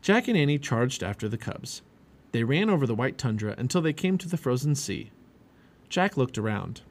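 A man reading a children's chapter book aloud as a parent, animated and expressive. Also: medium pitch, moderate pace. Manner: animated, expressive reading with many character voices. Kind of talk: storybook read-aloud.

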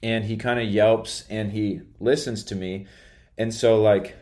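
A man's voice: on the low side, fairly even intonation, a little slow, darkish tone. A man podcaster telling a story in a casual monologue, rambling and hesitant, drowsy after a nap. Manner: rambling, hesitant, many filler words.

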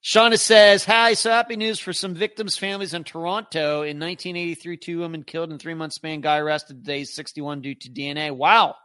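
A man's voice: fairly high pitch, little pitch movement, a little fast, few pauses, bright, forceful tone, smooth, no echo, clean studio sound. A middle-aged man hosting a live podcast, reading viewer comments aloud in a rambling, chatty way with many restarts. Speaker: podcast host.

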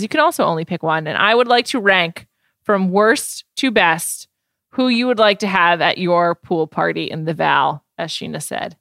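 A woman co-hosting a casual podcast chat, lively and chatty, full of "like." Her voice sits at an ordinary middle pitch. The sound is dry and close, with no room around it. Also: no echo. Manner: chatty, animated, says "like" often. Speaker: podcast co-host.

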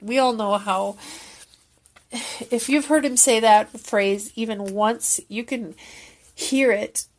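A woman talks in a casual, heartfelt way, recapping a concert, earnest and sometimes rambling as she searches for words. Her voice sits a little high. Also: measured pace. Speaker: fan video creator.

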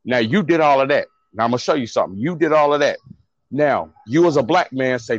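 A man's voice: mid-range voice, expressive, brisk, no room sound. A man in a casual podcast chat, ranting emphatically with a lot of profanity. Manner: preachy, emphatic, profane rant. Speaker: podcast co-host. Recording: dull lo-fi, dry sound.

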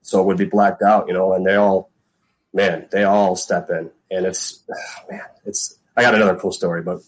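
A man's voice: deep voice, level tone, moderate pace, slight background noise, low-quality recording. A middle-aged man, a former pro football punter, telling stories in a casual interview, rambling with lots of fillers and acting out quotes.

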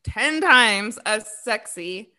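A woman's voice: a little high, expressive, very slow, bright, forceful tone. A woman co-hosting a casual chat podcast, tipsy from drinking, chatty and swearing freely with lots of filler words. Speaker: podcast co-host, breakup coach.

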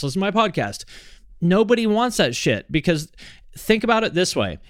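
A man hosting a podcast, answering listener questions in a relaxed, rambling way with lots of fillers. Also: on the high side, clean tone, dry recording, studio quality. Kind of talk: casual chat.

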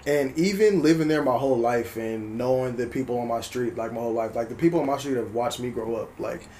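A man's voice: mid-range voice, quick pace, a little hiss or hum. A man in his twenties from South Berkeley, talking casually as a podcast co-host, with loose slang and lots of "like" fillers. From South Berkeley, California. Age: 20s. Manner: relaxed slang-heavy, many "like" fillers. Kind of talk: casual chat.

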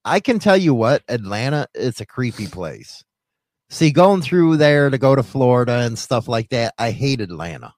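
A man's voice: medium pitch, very animated, moderate pace, a little mellow, dry recording, clean studio sound. A man co-hosting a podcast in casual chat, crude, profane and joking. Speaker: podcast co-host.

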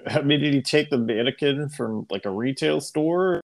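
A man's voice: mid-range voice, moderate pace, gravelly. Easygoing young man chatting. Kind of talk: casual chat.

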